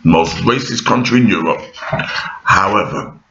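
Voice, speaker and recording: A man's voice: expressive, a little slow. Emphatic man in an echoey room. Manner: emphatic, rising to shouts, then dropping low and pleading. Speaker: video commentator. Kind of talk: impassioned monologue to camera. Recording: echoey room, dull lo-fi sound.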